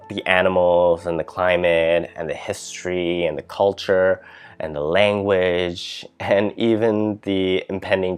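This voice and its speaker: A man's voice: sits low, clean tone. A man hosting a casual writing vlog, chatty and thinking aloud, his voice dipping at the ends of phrases. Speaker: vlog host, writer.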